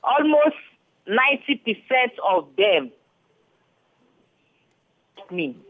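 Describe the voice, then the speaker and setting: A woman's voice: a little high, big pitch swings, drawn-out words. A woman calling into a radio show, telling a personal story in Pidgin mixed with English. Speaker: caller. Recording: tinny phone line.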